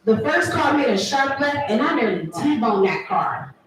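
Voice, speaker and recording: A woman's voice: sits high, animated, measured pace. A woman in her thirties doing a playful stand-up comedy set with teasing crowd work at a live event. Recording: echoey room, from far off.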